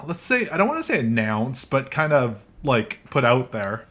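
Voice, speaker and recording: A man's voice: mid-range voice, sing-song, normal speed, a bit bright. A man hosting a casual tech chat show with a co-host, recorded in a coffee shop. He talks in a chatty way, laughs often and restarts his sentences. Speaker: podcast host.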